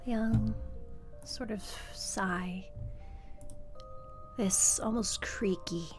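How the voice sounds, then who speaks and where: A woman narrating a tabletop game as game master in a soft, hushed storytelling manner. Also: mid-range voice, steady tone, very slow, music in the background.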